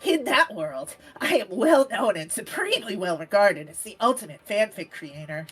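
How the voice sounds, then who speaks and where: Pompous male otaku comic artist, a woman doing the voice, boastful, lively swings. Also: mid-range voice, moderate pace, lightly acted. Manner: boastful, self-important. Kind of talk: let's play voice acting.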